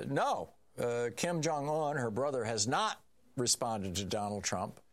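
A man's voice: medium pitch, a bit bright. Sarcastic male talk radio host. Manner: sarcastic, conversational, restarts mid-sentence. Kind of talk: political call-in radio commentary.

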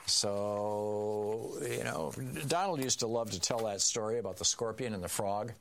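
A man's voice: on the low side, measured pace, vocal fry, a bit bright, slight background noise. Sarcastic male talk radio host. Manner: sarcastic, conversational, restarts mid-sentence. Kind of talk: political call-in radio commentary.

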